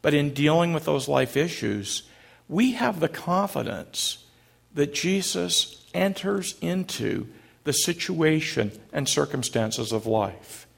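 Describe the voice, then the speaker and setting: A middle-aged man, a pastor, preaching a sermon and telling a story in a gentle, halting way. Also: on the high side, lively intonation, vocal fry.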